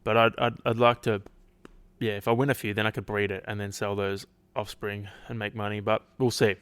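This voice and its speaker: A man's voice: lowish voice, little pitch movement, a little fast, fairly bright tone, clear, resonant tone, no echo. Laid-back podcast guy, rambling. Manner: rambling, swears casually, many restarts. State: dry throat. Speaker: podcast host. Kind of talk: casual solo podcast chat.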